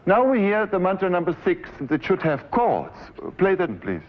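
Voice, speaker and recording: A man's voice: sits high, huge pitch swings, moderate pace. A man in his forties with a German accent, a composer giving a lecture who explains his piece step by step and directs the players, sometimes humming the phrases. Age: 40s. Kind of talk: lecture with live musical demonstration. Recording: dull 1970s lecture recording. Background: faint piano music.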